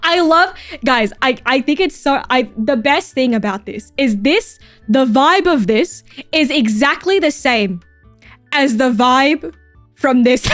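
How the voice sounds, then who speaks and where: A woman in her thirties with a slightly high voice, chatting casually on a livestream. She gushes over viewers' photos, swears freely and throws out mock-jealous insults. Her voice is close and dry, with soft music playing underneath. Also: expressive, takes it slowly, dry recording. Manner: gushing and swearing, mock-jealous outbursts, frequent laughs. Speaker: streamer reacting to viewer submissions.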